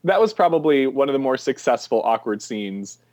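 A man co-hosting a podcast, retelling film scenes in a lively way and laughing often. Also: mid-range voice, moderate pace. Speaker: podcast co-host. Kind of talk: casual chat about a film.

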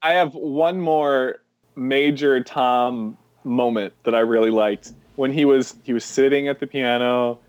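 A man co-hosting a podcast, retelling film scenes in a lively way and laughing often. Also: medium pitch, a little slow, highs cut off. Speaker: podcast co-host. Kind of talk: casual chat about a film.

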